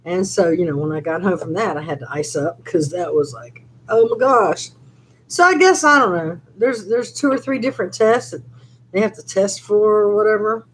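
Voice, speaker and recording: A woman's voice: mid-range voice, expressive, a little fast, slightly rough, rough recording. An older woman hosting a casual live-stream chat, rambling through stories with lots of fillers. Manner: rambling, chatty storytelling with many fillers. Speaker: channel host on a live chat.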